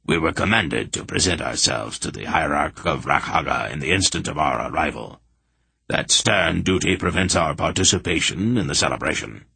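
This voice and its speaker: A man reading an audiobook, voicing a crafty old sorcerer who smoothly plays a humble pilgrim with a guttural put-on accent. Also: extremely low pitch, animated, moderate pace, pushed and bright, no echo, exaggerated voice. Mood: deferential. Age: older.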